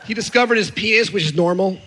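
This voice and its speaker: A man doing stand-up comedy on stage, telling stories in an animated, incredulous way. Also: sits high, quick pace, big-room sound, some chatter behind.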